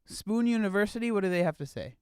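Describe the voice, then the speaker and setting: Animated man chatting on a stream. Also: sits high, fast, clean tone, dry recording, studio quality. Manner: animated, incredulous, talks to chat. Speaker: live streamer. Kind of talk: casual live-stream chat.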